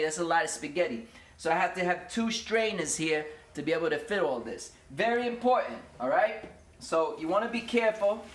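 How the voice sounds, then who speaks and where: High-voiced playful teacher cooking at home. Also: male voice, expressive, brisk. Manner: playful, chatty, speaks straight to the kids. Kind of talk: casual cooking demonstration for students. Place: home kitchen. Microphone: camera held by a cameraman.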